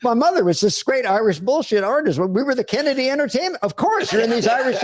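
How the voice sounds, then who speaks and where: An older man, a retired school principal, telling animated stories on a live podcast and laughing through them. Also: extremely high pitch, fast, a loud crowd. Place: studio.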